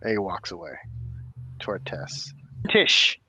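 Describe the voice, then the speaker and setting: A man's voice: medium pitch, lively intonation, unhurried, a bit bright, faint music behind. A man running a tabletop game as game master, narrating and swooping into character voices.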